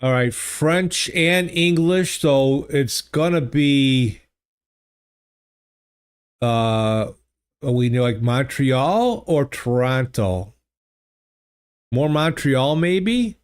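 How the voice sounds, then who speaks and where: Slow-talking man musing aloud. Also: mid-range voice, animated, clear, resonant tone. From United States. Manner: musing aloud, halting and easygoing. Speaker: livestream host. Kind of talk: casual livestream chat while playing a geography game. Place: home streaming studio. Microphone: studio desk microphone.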